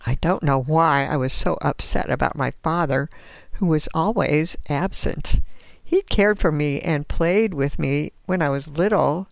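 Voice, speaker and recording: A woman reading aloud her own short story in first-person narration, measured and deliberate. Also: low-pitched, gravelly, no room sound.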